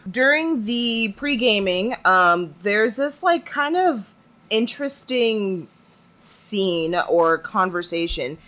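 A woman's voice: mid-range voice, expressive, slow pace, a bit bright. Hesitant woman in a casual film chat. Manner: hesitant, lots of fillers and restarts. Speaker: podcast co-host.

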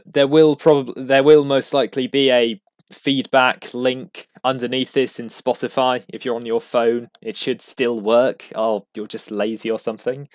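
A mid-pitched man closes out his podcast in a loose, rambling chat, laughing at himself and stumbling over restarts. His voice sits close and dry, with no room around it. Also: no echo. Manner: rambling, self-deprecating, chuckling. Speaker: podcast host. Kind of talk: casual podcast sign-off.

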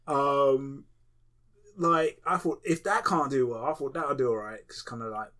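A man co-hosting a casual gaming podcast, animated and joking, with frequent swearing. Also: medium pitch, normal speed. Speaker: podcast co-host.

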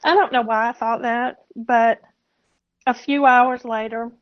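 Older woman, from South Carolina, soft halting delivery, fairly high flat voice, muffled lo-fi audio. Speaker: podcast guest. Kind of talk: personal storytelling interview.

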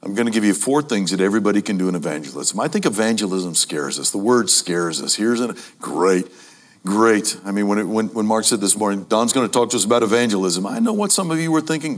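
A man preaching a sermon to a congregation, emphatic, repeating key phrases and speaking to the audience as ladies and gentlemen. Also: lowish voice, big pitch swings, a little fast.

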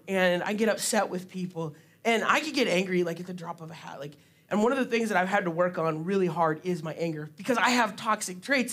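A man's voice: sits high, fairly bright tone. Casual, laughing young-sounding preacher man. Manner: casual, self-deprecating, laughs often. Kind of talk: informal sermon. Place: church sanctuary.

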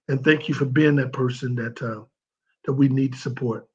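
A man from St. Louis giving an emotional, halting tribute that is full of repeated words. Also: mid-range voice, fairly even intonation, darkish tone, slightly rough, highs cut off. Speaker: former pro football player speaking at an event. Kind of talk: heartfelt tribute speech.

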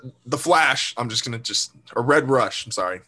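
Animated, profane man with bright voice. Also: medium pitch, brisk, slight background noise. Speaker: podcast co-host. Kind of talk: casual chat.

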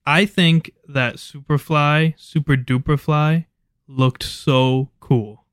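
A man's voice: a little high, fairly even intonation, slow pace, clean tone, no echo, clean studio sound. A man co-hosting a podcast in casual chat, opinionated and laid-back, swearing now and then. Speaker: podcast co-host.

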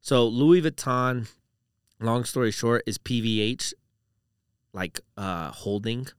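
A podcast co-host speaks slowly in a clear, resonant, medium-pitched voice, recorded with studio quality and no echo. His talk is casual and rambling, peppered heavily with "like" and "dude."

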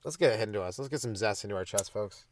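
A man's voice: on the low side, expressive, quick pace, slight background noise. A young man hosting a comedy podcast, riffing loosely through a profane, self-mocking monologue. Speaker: stand-up comedian, podcast host.

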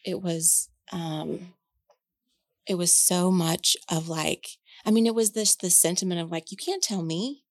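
Candid gravelly-voiced woman in her forties. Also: on the low side, fairly even intonation, measured pace, no echo, studio quality. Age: 40s. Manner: candid, frank, swears freely, many fillers. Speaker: podcast co-host. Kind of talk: casual chat.

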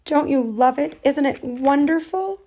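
A woman's voice: a little high, big pitch swings, unhurried, vocal fry, darkish tone, breathy edge, pitched above the performer's own voice, heavily acted. A woman voicing a bubbly, playful young girl with showy, sing-song exclamations.

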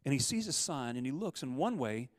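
A man preaching, telling a parable and acting out the quotes, with swings between loud urgency and hushed softness. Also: mid-range voice, very animated, a little fast, no room sound, big-room sound. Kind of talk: sermon storytelling.

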